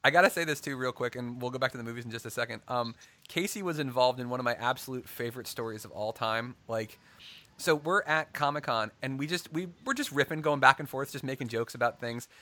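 A man's voice: medium pitch, quick pace, sharp tone. A man hosting a casual podcast chat, telling stories animatedly and laughing often.

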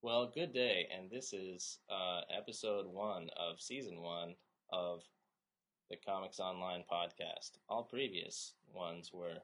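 A man in his thirties with a fairly low voice co-hosts a casual podcast. He rambles and jokes, sometimes slipping into goofy put-on voices mid-sentence. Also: steady tone, takes it slowly, fairly bright tone. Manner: jokey, rambling, puts on silly voices. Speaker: podcast co-host.

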